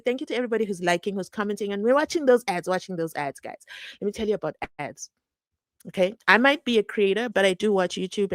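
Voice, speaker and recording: A young South African woman with a South African accent, hosting a live stream in a chatty, animated way and acting out the people she quotes. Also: fairly high pitch, dry recording. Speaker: host. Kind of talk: casual live-stream commentary.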